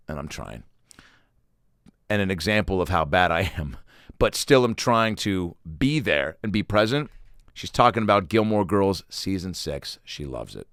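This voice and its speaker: A man's voice: fairly low pitch, smooth, no echo, clean studio sound. A man hosting a podcast alone, telling rambling, profane, self-deprecating comic stories in a casual monologue. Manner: animated, profane, rambling storytelling. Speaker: podcast host. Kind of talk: casual comedic solo monologue.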